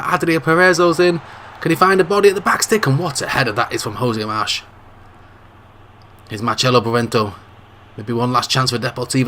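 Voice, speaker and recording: A male gaming host calls a video-game football match, his throat dry and prone to the odd cough. He speaks at a middle pitch in a mostly relaxed running commentary that rises into shouted excitement at big chances. A faint background hiss is present. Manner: mostly low-key running call that surges into shouts at goal chances.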